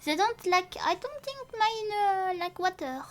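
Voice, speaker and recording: A young woman who speaks natively, chatting casually on a live stream in a rambling, halting way with many restarts and playful swearing. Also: very high-pitched, animated. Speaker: VTuber streamer.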